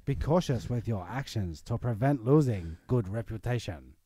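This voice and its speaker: Australian man, mellow dry voice. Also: medium pitch, lively intonation, normal speed, slightly rough, no echo. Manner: rambling, reads out mole facts. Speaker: podcast co-host. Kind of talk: casual banter.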